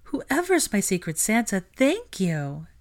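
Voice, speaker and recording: A woman voicing a dreamy, airy teenage witch girl who speaks slowly in a floating way, in a storybook reading. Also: mid-range voice, very animated, pitched above the performer's own voice. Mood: dreamy delight.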